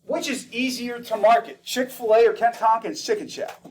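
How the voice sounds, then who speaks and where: A man with a high voice lectures a classroom, firing questions at his students and keeping things lively. He sounds set back from the mic, picked up from across the room. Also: normal speed, distant mic, slight background noise. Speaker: teacher.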